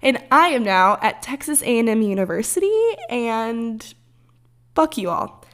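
A woman's voice: on the high side, lively intonation, unhurried. A young woman in her early twenties hosts a loose, unscripted podcast. She rambles casually, wanders off track and swears freely in her talk. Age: early 20s. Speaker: podcast host.

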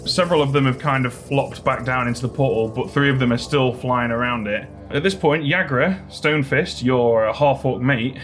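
A man narrates a tabletop fantasy game as its dungeon master. His voice sits at an ordinary middle pitch. He paints scenes calmly and walks players through the rules with patience. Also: moderate pace, hardly any pauses, soft background music. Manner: calm descriptive storytelling, explains rules patiently.

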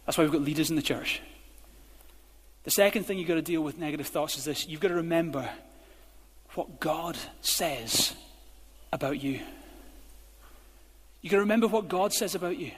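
High-voiced pastor preaching emphatically. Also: male voice, fast, pauses often, slightly rough. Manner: emphatic, rising to forceful exhortation. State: out of breath. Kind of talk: sermon. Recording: hall reverb.

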